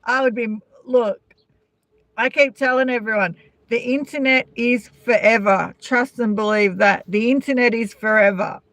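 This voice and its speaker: A woman's voice: fairly high pitch, fairly even intonation, normal speed, fairly bright tone, no room sound. A woman with an Australian accent hosting a casual live-stream chat, gossiping and answering viewers' comments by name. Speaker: vlogger chatting with live viewers.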